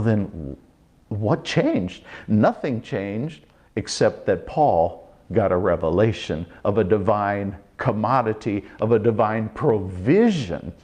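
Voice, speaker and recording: A man preaching a short Bible teaching in a lively way, acting out the quotes with big jumps in pitch.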